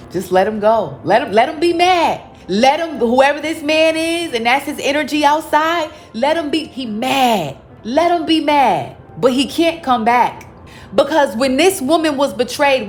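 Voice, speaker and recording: A woman giving a spiritual card reading to viewers, dramatic, with loud exclamations and emphatic repetition. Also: high voice. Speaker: psychic card reader. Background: faint background music.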